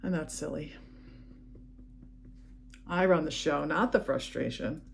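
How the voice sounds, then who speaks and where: A woman leading a guided EFT tapping session, speaking calm, repetitive affirmations. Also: low-pitched, a little slow, vocal fry, slight background noise.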